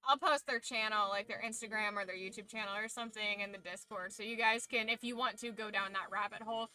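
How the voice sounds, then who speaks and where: A woman's voice: medium pitch, steady tone, quick pace, bright, forceful tone, no echo, poor audio. A woman streamer chatting casually with her viewers, rambling and chatty, swearing freely and trailing off mid-thought. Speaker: streamer hosting a watch-along. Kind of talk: casual live chat.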